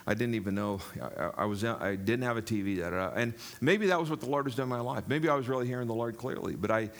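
A man's voice: medium pitch, fast talker. An older man preaching a sermon in a jokey, rambling way, talking straight to the congregation. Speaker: pastor.

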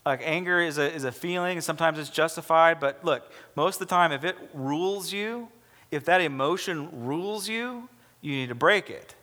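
A man's voice: on the high side, moderate pace, sharp tone, big-room sound. A man preaching a sermon as pastor, talking emphatically and acting out the voices in the stories he tells. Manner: emphatic, acts out quoted dialogue.

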